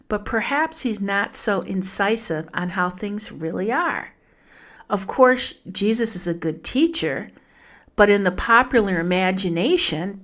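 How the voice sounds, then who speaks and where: A woman hosts a devotional podcast, talking to her listeners as friends. She speaks slowly and thoughtfully at a moderate pitch, with a gentle, musing manner. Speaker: podcast host.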